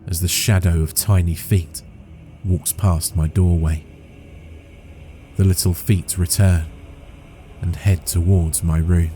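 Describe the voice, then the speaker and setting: A man narrating a horror story in a steady, scripted way. His voice is very deep, dark and slow. Faint music plays underneath.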